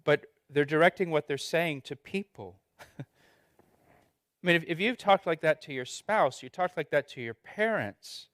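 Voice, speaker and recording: A man's voice: on the high side, unhurried, fairly bright tone, no room sound, clean studio sound. A man preaching an expository sermon as pastor, earnest and conversational, often restarting and repeating words.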